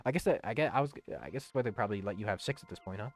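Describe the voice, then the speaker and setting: A man's voice: on the low side, lively intonation, racing, no room sound, soft background music. A young man casually streaming a video game, rambling, swearing and humming to himself. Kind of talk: casual gaming stream chat.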